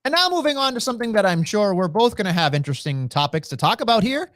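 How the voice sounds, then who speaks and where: A woman's voice: medium pitch, very animated, quick pace, dry recording, clean studio sound. A woman co-hosting a wrestling podcast, arguing skeptically in casual chat. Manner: argumentative, skeptical. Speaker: podcast co-host.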